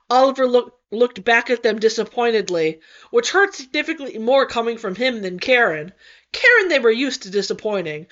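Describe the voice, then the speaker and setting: A woman narrating a fan-written story as an audiobook, with an expressive, comic delivery. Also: fairly high pitch, moderate pace. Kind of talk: audiobook fanfic reading. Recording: dull lo-fi recording.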